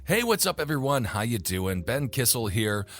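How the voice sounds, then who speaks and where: A man co-hosting a podcast in casual chat, upbeat and animated, laughing often. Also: medium pitch, normal speed. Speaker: podcast co-host.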